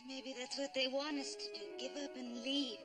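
A woman's voice: sits high, little pitch movement, moderate pace, over loud music, lightly acted. A woman playing a polite, earnest young explorer.

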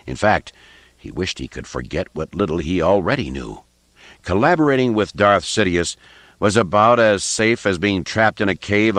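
A man reading a science fiction novel aloud as an unabridged audiobook narrator, in a measured, steady manner. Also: deep voice, no echo. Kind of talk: scripted narration.

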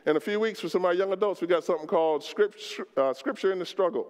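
In a church sanctuary, a high-voiced pastor preaches a passionate sermon, climbing to near-shouts and dropping into low, slow asides. He speaks plainly and colloquially, acting out prayers in the first person as if talking to God. His clean tone rings with the long reverb of the church hall.

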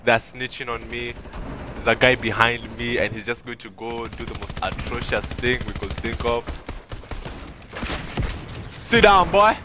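A man streaming a shooter game live, reacting loudly with shouts of disbelief and cocky trash talk. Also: medium pitch, normal speed, background noise. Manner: excitable, yelling "what?" and trash talk. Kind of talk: live gaming stream commentary. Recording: loud game gunfire behind voice. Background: game gunfire and explosions.

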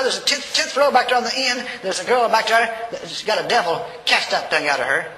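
An older man preaching a sermon, telling a story in a folksy, animated way and acting out the voices. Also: high voice, a little fast, hardly any pauses. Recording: reverberant hall, faint noise.

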